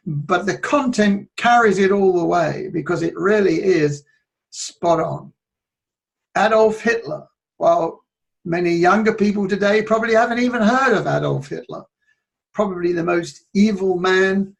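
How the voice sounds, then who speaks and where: A man speaks as a public speaking coach in a high, gravelly voice. He talks slowly and conversationally. He often drops from loud to soft and back. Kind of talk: reflective spoken talk on public speaking.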